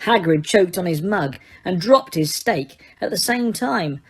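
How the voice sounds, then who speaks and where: A woman narrating a fantasy novel aloud at a steady pace, with small slips and restarts. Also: lowish voice, unhurried, breathy edge. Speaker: audiobook reader. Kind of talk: storybook narration.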